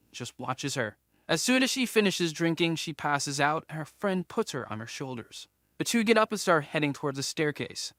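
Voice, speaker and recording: A man reads a comic story recap as scripted narration, telling it steadily in the third person. His voice sits fairly high for a man. The recording is dry and close, with no room sound. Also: a bit bright, no echo.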